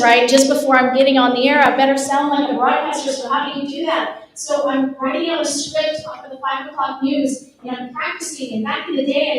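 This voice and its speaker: High-voiced Texan woman in an echoey room. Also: far from the mic, a little hiss or hum. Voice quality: lively and emphatic, addressing the crowd directly. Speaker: speaker at a real estate event. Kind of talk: motivational talk to an audience. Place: event room.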